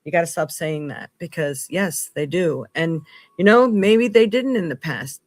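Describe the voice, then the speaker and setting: A woman's voice: lowish voice, unhurried, dry recording. Woman, psychic tarot host, earnest, emphatic, dry voice. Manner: emphatic, earnest, jumps between loud and hushed. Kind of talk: live tarot reading stream.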